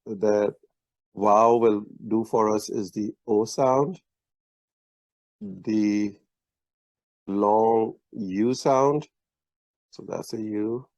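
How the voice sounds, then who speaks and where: A man's voice: fairly low pitch, steady tone, extremely slow, pauses often, a little mellow, no echo. A man teaching a language lesson, explaining patiently with many fillers and restarts. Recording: dull lo-fi online lesson audio.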